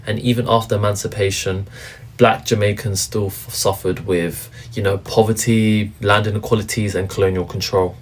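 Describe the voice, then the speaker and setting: Male narrator, lowish voice, relaxed and informal history explainer. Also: moderate pace. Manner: casual, with "but yeah" fillers. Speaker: commentary narrator.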